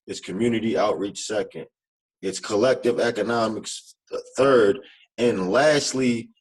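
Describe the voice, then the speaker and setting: A man giving a panel presentation on his community business, reflective and halting, in what he calls a monotone. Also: on the low side, poor audio. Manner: halting, reflective, many fillers; self-described monotone.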